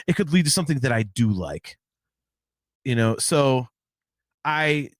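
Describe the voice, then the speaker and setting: A man's voice: mid-range voice, lively intonation, a little slow, dry recording. A man hosting a podcast in casual chat, rambling with many restarts and fillers. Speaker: podcast host.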